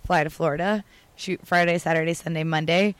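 A woman's voice: low-pitched, steady tone, brisk, clean tone. Chatty woman guest. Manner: chatty, laughs often. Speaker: podcast guest. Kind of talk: casual interview chat.

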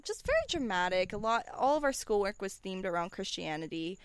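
A woman's voice: medium pitch, expressive, a little fast, clear, resonant tone, no room sound. A young woman with a slight lisp, chatting as a guest, rambling and laughing often. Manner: giggly, rambling, many "like"s. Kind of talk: casual chat.

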